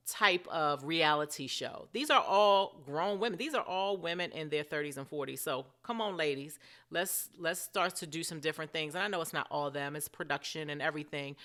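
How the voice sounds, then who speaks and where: A middle-aged woman with a deep, slightly bright voice gives chatty commentary on reality TV in a casual vlog. She keeps turning to her viewers to ask directly what they think.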